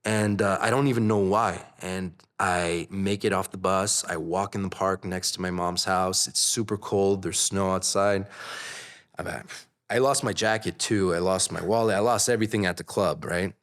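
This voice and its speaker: Male podcast guest, 30s, low voice, candid and animated storyteller. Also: moderate pace. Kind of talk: casual storytelling.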